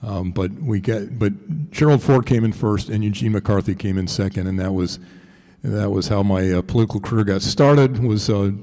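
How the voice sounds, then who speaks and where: A man's voice: lowish voice, moderate pace, mellow. A man from Indiana giving a rambling, self-deprecating farewell speech as a retiring state senator. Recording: legislative chamber with long reverb.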